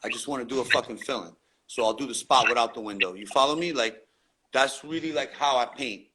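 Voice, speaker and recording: A man's voice: medium pitch, brisk, husky, poor audio. A man telling graffiti stories in a casual interview, laid-back and swearing freely in street slang. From New York. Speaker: graffiti writer being interviewed. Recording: loud background noise.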